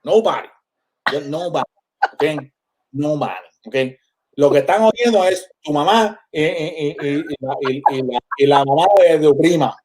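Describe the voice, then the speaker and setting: A comedian, a man talking in a casual interview, animated, switching between Spanish and English and acting out what others say. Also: on the high side, brisk, a little hiss or hum. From Puerto Rico. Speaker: comedian guest.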